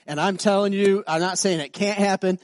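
Middle-aged male pastor, high voice, lively conversational preaching, dry close sound. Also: no room sound. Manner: conversational, animated, acts out dialogue; drops to soft, slow voice for emotional moments. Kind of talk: sermon with storytelling.

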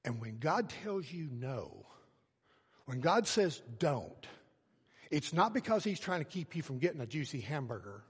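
A middle-aged man preaching a sermon, telling a family story and swinging from soft low phrases to loud shouted words. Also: big pitch swings, a little slow, slightly rough. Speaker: pastor. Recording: long hall reverb.

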